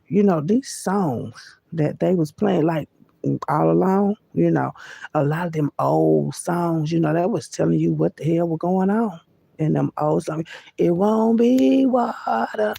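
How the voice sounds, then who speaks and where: A woman vlogger talking loosely to her viewers about spiritual matters, in a gravelly, husky voice with a mellow, warm tone. She is folksy and familiar, calling listeners baby and y'all, and keeps insisting she's serious. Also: deep voice, no echo. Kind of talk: casual spiritual talk to viewers.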